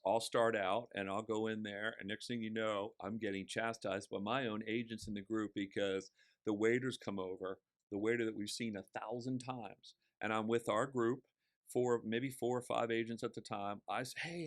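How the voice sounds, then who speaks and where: A man's voice: lowish voice, dry recording. A man who is a real estate agent, chatting as a podcast guest and telling stories with quoted voices. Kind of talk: casual chat.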